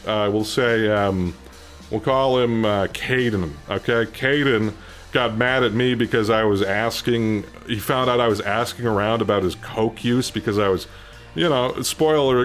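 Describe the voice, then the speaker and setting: A young man hosting a casual vlog, telling a story in an animated, swearing way and climbing loud when he quotes himself. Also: medium pitch, moderate pace, faint music behind. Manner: animated, profane, rising to near-shouting when quoting himself. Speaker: channel host.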